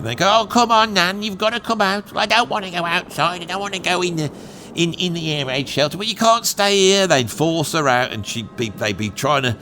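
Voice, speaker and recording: A man's voice: medium pitch, a bit bright, slight background noise. A middle-aged Englishman with an English accent, chatting to camera in a loose, jokey, digressive monologue full of anecdotes. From England. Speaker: YouTube host, drummer. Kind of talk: casual rambling monologue.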